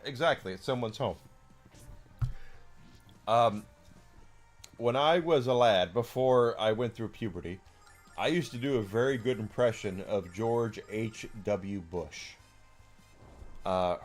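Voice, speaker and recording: A man's voice: mid-range voice, a little slow, long pauses, soft background music. A man in his forties chatting casually and outspokenly as a streamer, rambling with many fillers. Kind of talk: casual chat while gaming.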